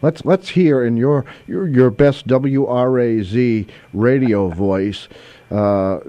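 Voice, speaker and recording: Brief: man, call-in radio host, loose and rambling, warm low tone, dry studio mic. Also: takes it slowly, no echo, highs cut off. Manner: rambling, with many fillers and restarts. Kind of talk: casual call-in chat. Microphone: studio microphone.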